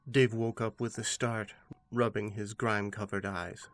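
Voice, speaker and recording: A man, host of a horror channel, giving a scripted narration of a scary story in a steady, measured way. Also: lowish voice. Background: faint background music.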